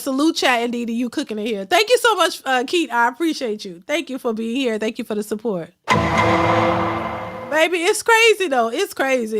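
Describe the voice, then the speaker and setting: A woman hosting a livestream, chatting casually and reading out super chats, with speech, blunt and animated, laughing often. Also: high voice.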